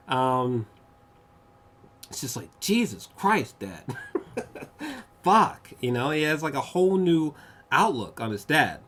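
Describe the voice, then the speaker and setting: A man giving a casual spoken film review, rambling and profane, full of fillers, with bursts of excited gushing. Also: mid-range voice. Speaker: movie reviewer.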